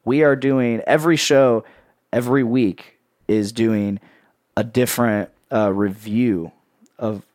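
A man hosting a casual podcast, rambling through plugs with a playful sales-pitch delivery. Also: fairly even intonation, slow, darkish tone, no echo, studio quality. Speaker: podcast host and network editor. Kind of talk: casual podcast chat with co-hosts.

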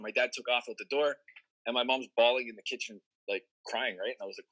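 A man recounts a story from his past in easygoing conversation. His voice is very bright and cutting, and he wanders through fillers, restarts and casual profanity as he goes. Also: mid-range voice, steady tone, fast, low-quality recording. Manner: rambling, profane, lots of fillers.

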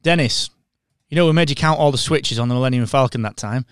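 Brief: a man playing a brisk, chummy boss coaxing a writer, dry sound. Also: medium pitch, a bit bright, clean tone, no room sound, lightly acted.

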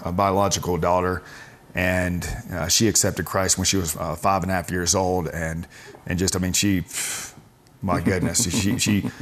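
A man in his forties tells a personal story in conversation, earnest and halting, with frequent restarts. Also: low-pitched. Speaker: guest telling his faith story.

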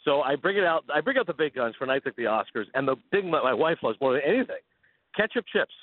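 Fast-talking man on a tinny phone line. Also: a little high, no room sound. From Canada. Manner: animated, fast storytelling with laughs. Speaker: sports radio guest. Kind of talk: casual radio chat.

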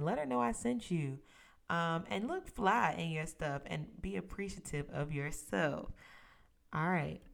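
A young woman hosts her own podcast, talking to listeners like close friends. Her voice sits a little low for a woman, and she is playful and emphatic, pushing hard on the words she wants to land. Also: gravelly. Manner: expressive, playful, sisterly and emphatic. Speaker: podcast host. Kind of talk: casual solo podcast talk.

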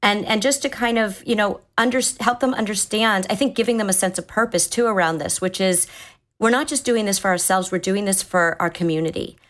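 A woman in her forties, a therapist, calmly explaining advice in conversation, often restarting her sentences as she thinks. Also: medium pitch, fairly quick. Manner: calm, thoughtful, explanatory with frequent restarts. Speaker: therapist guest.

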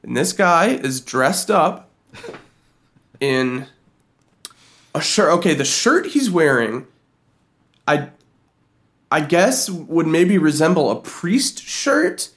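A man co-hosting a podcast, telling a story in an animated, giggly way. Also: a little high, takes it slowly, pauses often. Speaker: podcast co-host. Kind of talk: casual comedic chat.

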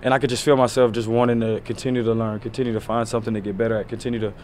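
A man in his thirties, a pro football player, answering reporters at a press conference in a loose, relaxed way, full of "you know" fillers. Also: medium pitch, rapid-fire, slight background noise.

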